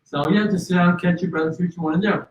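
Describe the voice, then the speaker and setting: A man telling his story in an interview, earnest and full of restarts, with a slightly high voice. He sounds roomy and a little far from the microphone, and the sound is a touch dull. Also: steady tone, fast talker. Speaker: guest.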